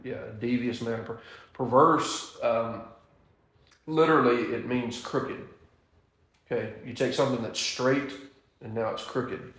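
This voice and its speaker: A man's voice: medium pitch, steady tone, unhurried, pauses often, fairly bright tone, reverberant. A man leading a Bible study in a church room, blunt and emphatic, with frequent "um"s and restarts.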